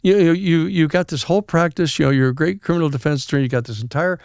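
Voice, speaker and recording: A man's voice: on the high side, fast talker, vocal fry, no room sound, clean studio sound. A man in his seventies, a podcast guest, telling a story in a casual way and acting out what other people said. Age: 70s. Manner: animated storyteller who acts out others' dialogue.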